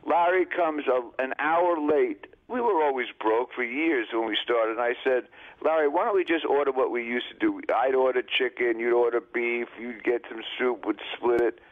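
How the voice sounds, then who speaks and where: A man telling a comic story in an excitable, animated way, acting out both sides of the conversation. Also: medium pitch, normal speed. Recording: muffled lo-fi archive audio.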